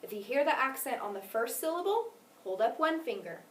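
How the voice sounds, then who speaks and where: A woman teaching a phonics lesson, patient and clear, stressing syllables carefully and encouraging her student. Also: high voice, big pitch swings, fairly quick, a bit bright, recorded from a distance, slight background noise. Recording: echoey room, voice from off mic.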